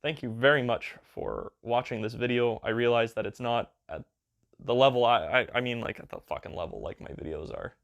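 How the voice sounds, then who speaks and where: A man's voice: mid-range voice, a little fast, gravelly, fairly bright tone. A man, rambling in a casual, crude and joking way as a video creator, with lots of fillers and playful exaggeration.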